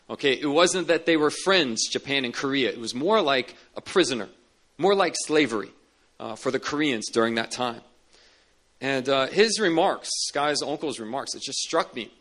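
A pastor preaches a sermon, telling stories earnestly and repeating key words for emphasis. His medium-pitched voice is a bit bright and animated, and he keeps a moderate pace.

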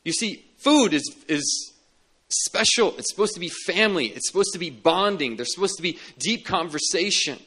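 A man's voice: sits high, expressive, moderate pace, bright, forceful tone, husky. A man preaching a sermon as a pastor, telling stories earnestly and repeating key words for emphasis. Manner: earnest storytelling with emphatic repetition.

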